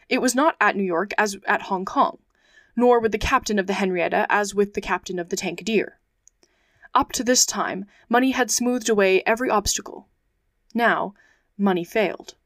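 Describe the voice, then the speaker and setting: A woman podcast host narrating a classic adventure novel aloud, reading in measured phrases. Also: mid-range voice, no echo, clean studio sound. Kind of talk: audiobook narration.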